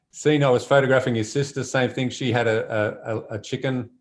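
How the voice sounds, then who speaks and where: A man, a surf photographer telling stories from his trips in a relaxed, chatty way with frequent laughs. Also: mid-range voice, moderate pace. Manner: relaxed and chatty, laughs often, many fillers. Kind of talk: casual conversational storytelling.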